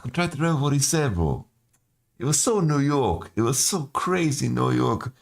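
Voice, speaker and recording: A man's voice: medium pitch, very animated, normal speed, vocal fry. A man streaming a watch party, talking loosely and profanely, calling everyone "bro" as he reacts. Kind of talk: casual reaction commentary.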